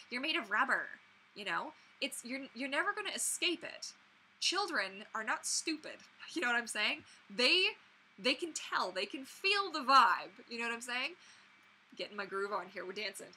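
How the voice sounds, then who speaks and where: A young woman hosting a casual livestream, chatting to viewers in an animated way with many fillers and restarts. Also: on the high side, poor audio. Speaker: mermaid performer and livestream host. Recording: faint background noise.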